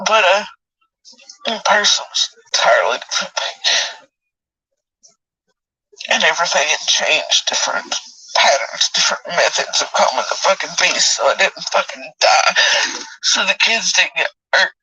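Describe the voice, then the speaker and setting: A woman's voice: lowish voice, expressive, moderate pace, pushed and bright, breathy edge, no room sound, recorded from a distance, rough recording. A woman giving raw, tearful personal testimony, swearing often.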